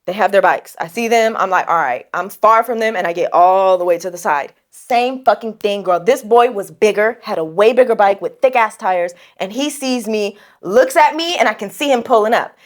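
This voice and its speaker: A young adult woman co-hosting a podcast, telling stories in casual chat, blunt and animated, swearing freely. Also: medium pitch, moderate pace, few pauses. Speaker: podcast co-host.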